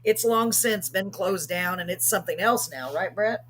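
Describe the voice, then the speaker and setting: A woman's voice: mid-range voice, moderate pace, fairly bright tone, slight background noise. A woman hosting a live streamed show, telling a story casually and rambling with many ums and self-corrections.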